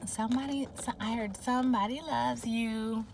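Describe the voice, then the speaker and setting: A woman's voice: a little high, fairly even intonation, moderate pace, creaky, a little hiss or hum. A woman giving a spiritual pick-a-pile tarot reading, rambling and emotional as she thinks aloud with many fillers. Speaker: tarot reader.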